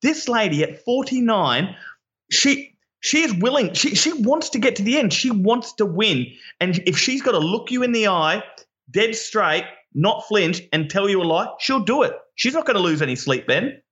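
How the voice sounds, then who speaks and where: A man co-hosting a podcast in casual chat, animated and tripping over repeated words when excited. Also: sits high, moderate pace, highs cut off. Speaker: podcast co-host.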